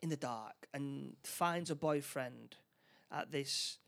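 A man's voice: medium pitch, gravelly, a bit bright. A man chatting casually as he recaps a film plot, stumbling over restarts and acting out the characters' lines. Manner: halting, many restarts, acts out lines.

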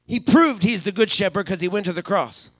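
Brisk and high-pitched with lively intonation and a fairly bright tone, this pastor preaches live in a church sanctuary, captured in clean studio sound with no room echo. He has a Western Pennsylvania accent, stammers out repeated words as he builds momentum, and calls out hallelujah.

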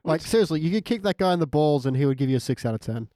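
A man with a somewhat high, mellow voice that swings widely in pitch. He makes blunt joking asides in a casual chat, recorded dry. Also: expressive, rapid-fire, rough recording. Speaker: podcast guest.

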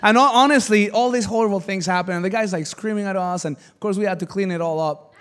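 A male pastor preaching a sermon, telling a personal story with jokes, loud exclamations and hushed asides to his congregation. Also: high voice, fast, clean tone. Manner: animated, jokey storyteller who swings from loud exclamations to quiet asides. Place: church service before a congregation.

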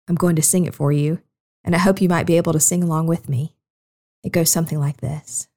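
A woman slowly and gently telling a Bible story to children, speaking expressively and addressing them directly. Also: low-pitched, fairly even intonation, poor audio. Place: at home.

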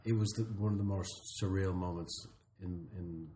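Lower-voiced man telling stories, roomy sound. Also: moderate pace. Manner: animated storyteller, acts out lines with comic emphasis. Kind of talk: casual chat. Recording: roomy echo with faint noise.

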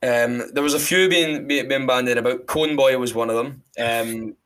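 A Scottish man with a Falkirk and Glasgow accent hosts a casual podcast at an even, middling pitch. He talks in a chatty, self-mocking way, spinning stories at his own expense. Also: normal speed, crowd noise. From Scotland. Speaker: podcast host.

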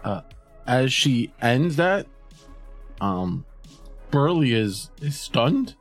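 A man playing a tabletop game, describing his character's actions in an excitable, rambling way. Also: mid-range voice, very slow, faint music behind. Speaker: player.

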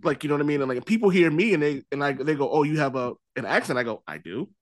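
A man's voice: a little high, expressive, fast talker, no echo. Rambling Boston man hosting a podcast. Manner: rambling, loose, swears casually. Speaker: podcast host. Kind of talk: casual podcast chat.

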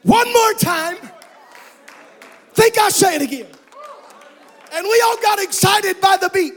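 High-voiced, slow-preaching male pastor. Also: expressive, a faint crowd, slight background noise. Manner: preaching with shouted, sung-out passages. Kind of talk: sermon.

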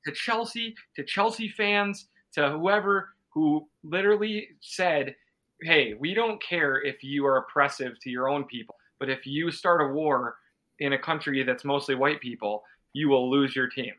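A man's voice: mid-range voice, normal speed, a bit bright. A man co-hosting a sports podcast, talking in a casual, blunt, opinionated way. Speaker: podcast co-host. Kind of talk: casual chat.

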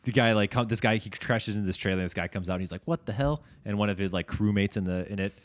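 A podcast co-host with a lowish voice talks very fast in a casual chat. He's an animated storyteller who acts out other people's lines in funny voices.

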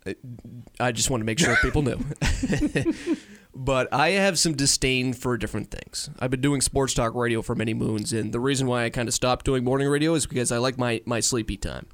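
A man's voice: mid-range voice, brisk, a bit bright, no room sound. A young man co-hosting a casual podcast on a headset, upbeat and joking, rambling with restarts. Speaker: podcast co-host.

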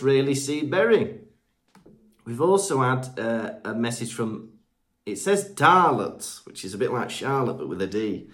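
A chatty British man co-hosting a podcast, reading out listener messages with a very lively, up-and-down voice. He jokes along as he reads and trips over unfamiliar names. His pitch sits in the middle of the male range. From Britain. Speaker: podcast co-host. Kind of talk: casual chat, reading listener reviews.

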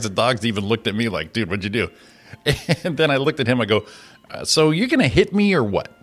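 Male co-host, low voice, casual storyteller, light music bed. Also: a bit bright. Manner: storytelling, acts out quotes. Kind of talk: casual chat.

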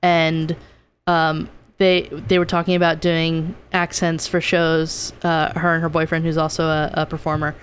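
A woman co-hosting a podcast in relaxed casual chat, reacting quickly and adding her own stories. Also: low-pitched, a little hiss or hum. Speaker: podcast co-host.

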